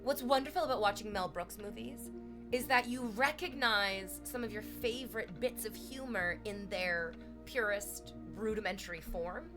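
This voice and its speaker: A woman's voice: medium pitch, normal speed, over music. A young woman streamer chatting casually, rambling and profane, quoting comedy bits between laughs. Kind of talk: casual live-stream chat.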